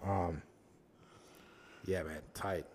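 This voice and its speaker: A man's voice: low-pitched, fairly even intonation, very slow, darkish tone, slight background noise. A young man co-hosting a casual podcast chat, swearing a lot, rambling and laughing as he acts out other people's lines. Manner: profane, rambling, laughs often, acts out quotes. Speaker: podcast co-host.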